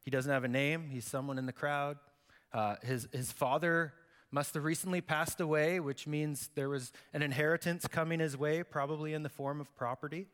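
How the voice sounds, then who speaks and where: A man's voice: fairly high pitch, fairly even intonation, normal speed, fairly bright tone, clean tone. A man preaching a sermon as pastor, conversational and joking, acting out the quotes he reads. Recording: long hall reverb.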